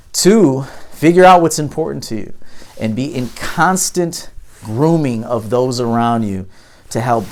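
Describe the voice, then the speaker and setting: Emphatic man preaching dating advice. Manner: emphatic, preachy, swings from loud punches to low asides. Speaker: dating coach. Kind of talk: direct-to-camera advice monologue.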